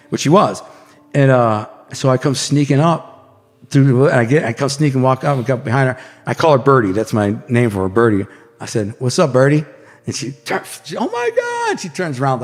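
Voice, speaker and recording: A man's voice: medium pitch, long reverb tail. A man telling his life story as an interview guest, loose and slangy, with lots of restarts. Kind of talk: casual storytelling.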